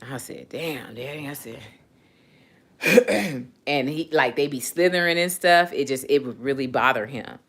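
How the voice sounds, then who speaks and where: Someone living in San Diego drifts through casual stories on a live audio chat, restarting often and leaning on fillers. The mid-range voice sounds a bit bright, and the recording is dry.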